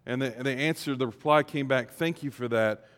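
A pastor giving a sermon in a conversational way that builds to emphatic peaks. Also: male voice, mid-range voice, brisk, fairly bright tone, big-room sound.

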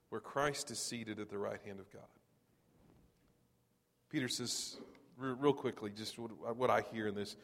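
A man in his forties from Texas, preaching a sermon in a conversational storytelling way with touches of humor. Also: mid-range voice. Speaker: pastor. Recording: long reverb of a large hall.

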